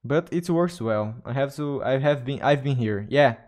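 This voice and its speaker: A man's voice: mid-range voice, lively intonation, a little mellow. Brazilian man chatting on a gaming stream. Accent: Brazilian Portuguese. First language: Portuguese. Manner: halting, repeats and restarts words, chats to viewers. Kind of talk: casual gaming livestream chat.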